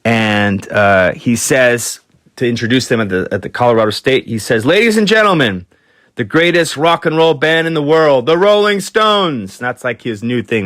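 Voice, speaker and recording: A man's voice: fairly bright tone, no echo, studio quality. A man hosting a podcast, telling rock stories in a loose, casual way, swearing freely and acting out quotes in a raised voice. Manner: loose, profane, acts out quotes in higher voices. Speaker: podcast host. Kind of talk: casual storytelling.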